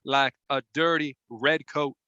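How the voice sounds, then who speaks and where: A man putting on a slow Southern-drawling ex-president, crude and boastful. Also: a little high, fairly even intonation, sharp tone, clean tone, dry recording, highs cut off. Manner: slow drawling brags, rude insults. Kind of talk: improv comedy.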